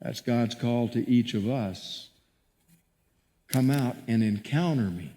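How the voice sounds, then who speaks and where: A male pastor preaching a sermon and reading scripture dramatically, moving between hushed and emphatic passages. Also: mid-range voice, slow pace. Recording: long church reverb.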